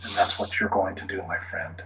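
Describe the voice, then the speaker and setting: A man who works as an energy healer, softly coaching someone through a guided healing session and often dropping to a whisper. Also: low voice, steady tone, brisk. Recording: dull lo-fi with faint hiss.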